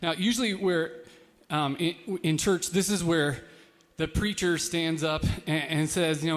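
Guy preaching super casually, lots of ums and likes, voice pitched a bit high, echoey hall. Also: fairly even intonation, a little fast, fairly bright tone. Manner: informal, self-deprecating, frequent fillers and restarts. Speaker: pastor. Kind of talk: casual conversational sermon.

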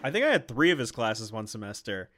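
A man's voice: lowish voice, sing-song, fairly quick, fairly bright tone, slight background noise. Sarcastic young man co-hosting a podcast. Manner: joking, teasing, sarcastic. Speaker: podcast co-host. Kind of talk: casual podcast chat.

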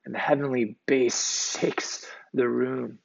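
Slow gravelly-voiced man preaching. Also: mid-range voice, fairly even intonation. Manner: deliberate, emphatic repetition of key words. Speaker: pastor. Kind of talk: sermon. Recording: dull, lo-fi recording.

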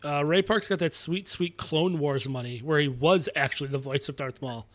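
A man's voice: fairly high pitch, normal speed, a bit bright. A man co-hosting a podcast in casual chat, rambling and joking, swearing now and then. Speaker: podcast co-host.

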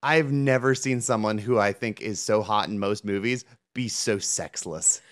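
A woman's voice: very deep voice, normal speed. A woman co-hosting a podcast in casual chat, tossing off wry, dry quips. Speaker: podcast co-host.

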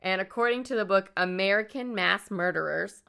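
A woman's voice: medium pitch, moderate pace, creaky, sharp tone, clear, resonant tone. A woman casually recounting a true-crime story as a podcast co-host, joking and swearing along the way. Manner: swearing, joking, playful mock voices.

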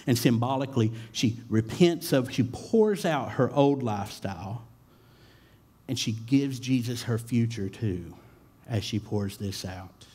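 This is a pastor delivering a sermon in a mellow, mid-range male voice. His delivery is casual and conversational, full of fillers and repeated starts.

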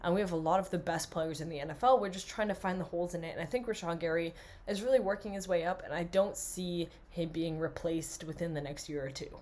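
A chatty young woman talks sports with a friend in a casual, enthusiastic way. Her voice sits a little low for a woman, and she laughs easily between points. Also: quick pace, darkish tone. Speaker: podcast co-host.

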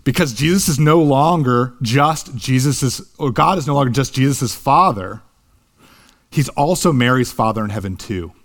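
Earnest male preacher delivering a sermon. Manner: earnest, slows for emphasis, rises in pitch at high points. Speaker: pastor.

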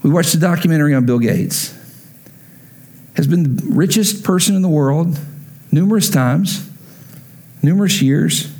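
A man with a fairly high voice preaches in a church. He is animated and playful, acts out the scenes he describes and drops in humorous asides. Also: moderate pace, long pauses. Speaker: pastor. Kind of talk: sermon.

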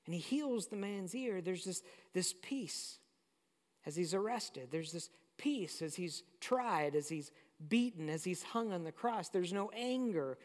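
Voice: medium pitch, expressive, a little slow. A pastor preaching a sermon in a conversational, storytelling way. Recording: long hall reverb.

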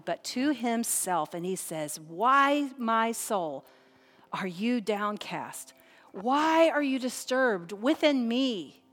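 A woman pastor preaching a sermon, emphatic, with repeated phrases and dramatic pauses. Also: medium pitch, in a large hall.

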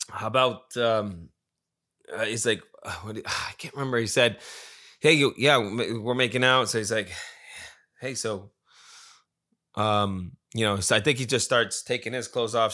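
A man's voice: lowish voice, moderate pace, sharp tone. A man casually retelling a friend's story, swearing freely, losing his place and correcting himself as he goes. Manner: profane, rambling, acts out quoted friend; loses track and corrects himself.

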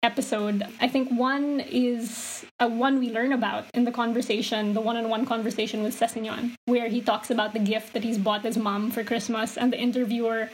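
A woman's voice: fairly high pitch, slight background noise, poor audio. A woman co-hosting a podcast, chatting casually and playfully with plenty of "like" fillers. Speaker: podcast co-host. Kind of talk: casual chat.

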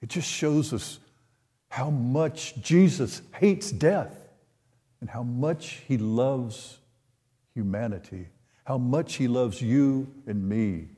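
An older man preaching a sermon, retelling a scripture story in an unhurried way and voicing the quoted lines. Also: medium pitch, lively intonation, mellow. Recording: long hall reverb.

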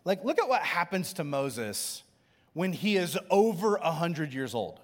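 Conversational pastor in an echoing hall. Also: male voice, a little high, very animated, measured pace. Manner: conversational, swinging from hushed to loud. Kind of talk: sermon. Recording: long reverb in a large hall.

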